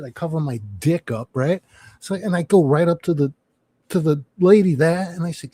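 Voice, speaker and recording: Husky man telling wild stories. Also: a little high, normal speed, dry recording. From New York. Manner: profane, animated storyteller with swearing and acted quotes. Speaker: livestream host. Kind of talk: casual storytelling chat.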